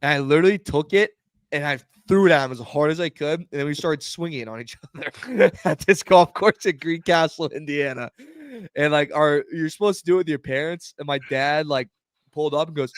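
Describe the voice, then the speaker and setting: A man in casual podcast chat, telling a story with lots of energy. He shouts out the lines he quotes. The sound is dry and close to the mic. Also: on the high side, a little fast, smooth, no echo. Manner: animated storyteller, shouts when quoting others. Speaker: podcast co-host.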